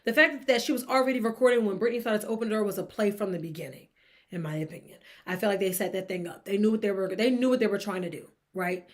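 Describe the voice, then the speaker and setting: A woman, co-hosting a sports gossip podcast in an opinionated, animated way, firing off rhetorical questions at her listeners. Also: quick pace. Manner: breaks into high-pitched laughing disbelief. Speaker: podcast co-host. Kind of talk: casual sports gossip commentary.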